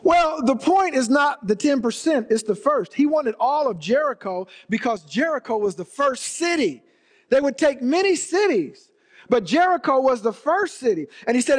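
A man's voice: extremely high pitch, sing-song, moderate pace. A man preaching a sermon as pastor, emphatic and repeating his key phrases for weight. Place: church sanctuary. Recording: long reverb of a large hall.

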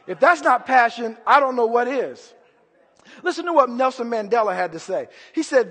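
High-voiced impassioned male preacher. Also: lively intonation, normal speed, in a large hall. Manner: impassioned, swinging between loud outbursts and low murmurs. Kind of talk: sermon.

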